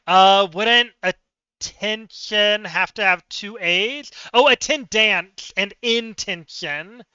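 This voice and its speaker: Slowly talking himself through word puzzles on a live stream, this man pokes fun at himself in a chatty way. His high, piercing, very bright voice comes across smooth, clean, close and dry, without room sound, on audio that's a bit dull and lo-fi.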